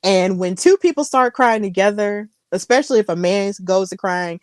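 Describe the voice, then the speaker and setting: Woman, podcast host, gushing, emotional, casual recap chat, middle pitch, dry sound. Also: expressive, moderate pace, no room sound.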